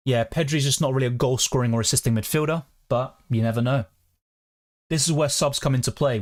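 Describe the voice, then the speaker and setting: Chatty streamer, swears freely. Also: male voice, medium pitch. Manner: chatty, swears freely, reacts while reading viewer comments. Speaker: fantasy football streamer. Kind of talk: casual live-stream chat. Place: at home.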